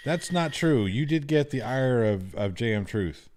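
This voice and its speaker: A man's voice: medium pitch, animated, a little slow, a little mellow, a little hiss or hum. A man chiming in and agreeing during a casual podcast chat. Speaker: co-host.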